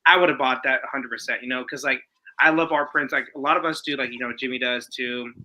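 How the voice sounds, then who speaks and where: Very bright-voiced excitable collector guy. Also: mid-range voice, fast, poor audio. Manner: excitable, rambling, says "like" a lot. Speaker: collector co-host. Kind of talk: casual chat.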